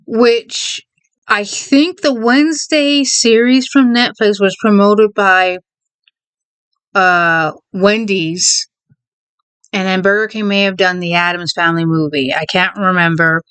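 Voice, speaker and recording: A woman's voice: medium pitch, steady tone, slow pace, a bit bright, clear, resonant tone, dry recording. A woman casually chatting in a vlog, out of breath, rambling and correcting herself with a slight stutter. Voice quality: mild stutter. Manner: rambling, self-correcting, laughs often. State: out of breath, holding in a sneeze. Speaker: video creator.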